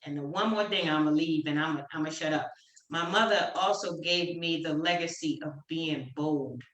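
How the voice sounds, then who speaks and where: A woman's voice: fairly low pitch, fairly bright tone. A woman in a casual group chat, telling stories with energy, acting out quoted voices and repeating herself as she goes. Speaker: panel guest sharing stories. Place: home, on a video call. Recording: roomy echo.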